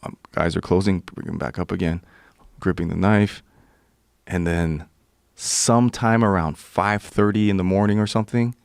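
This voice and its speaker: A man's voice: low voice, normal speed, gravelly, smooth, no room sound, clean studio sound. A man, a podcast guest, telling a story in a casual, profane way and acting out the quotes. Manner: profane, animated retelling with acted quotes. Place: podcast studio.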